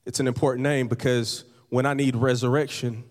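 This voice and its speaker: A man's voice: mid-range voice, flat delivery, brisk, darkish tone. Preaching man in an echoey hall. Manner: conversational preaching with repeated phrases and humor. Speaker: pastor. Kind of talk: sermon. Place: church hall. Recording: long reverb of a large hall.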